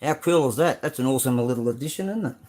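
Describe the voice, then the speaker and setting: A man's voice: mid-range voice, expressive, quick pace, darkish tone. A middle-aged Australian man hosting a casual live stream, rambling through his model car builds with many ums and greeting viewers by name. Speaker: live stream host showing model cars.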